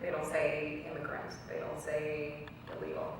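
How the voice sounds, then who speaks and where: A woman's voice: deep voice, monotone, unhurried, noisy background. A young woman giving a personal speech as a guest speaker, telling her story earnestly and acting out quoted dialogue. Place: college event hall. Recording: very echoey hall recorded from far off.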